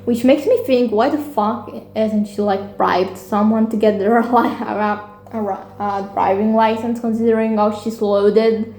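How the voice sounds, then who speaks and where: A woman's voice: mid-range voice, fairly even intonation, warm tone. Rambling young woman recapping a musical. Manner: rambling, swearing, with quick put-on character voices. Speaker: vlogger. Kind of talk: casual plot recap. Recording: echoey room with faint music.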